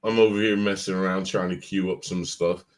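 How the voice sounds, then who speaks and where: A man with a low-pitched voice hosts a casual live stream, talking fairly quickly over some background noise. He's animated and laughs easily, repeating words as he gathers his thoughts.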